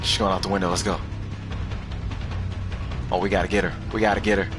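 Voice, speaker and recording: A man's voice: low-pitched, level tone, fairly quick, music in the background. A young man giving casual, jokey commentary while streaming a video game, laughing often and trash-talking the game. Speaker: gaming streamer.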